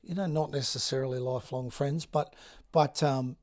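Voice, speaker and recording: A man in his fifties with an Australian accent, a guest telling stories in a relaxed, halting way, full of fillers. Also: medium pitch. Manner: laid-back, many fillers and restarts, acts out others' lines. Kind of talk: casual storytelling chat.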